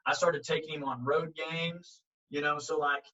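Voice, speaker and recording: A man, a baseball coach, telling a lively story in an interview. He talks casually, acts out the quotes and uses many fillers. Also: a little high, normal speed, distant mic. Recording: muffled audio, speaker set back from the mic.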